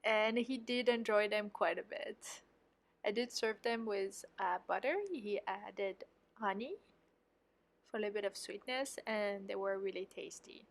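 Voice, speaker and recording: A woman's voice: mid-range voice, a little slow, gravelly. A woman with a French accent, chatting through a voice-over of her home baking and explaining her mistakes as she goes. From France. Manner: chatty, explanatory, self-critical. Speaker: home baker and channel host.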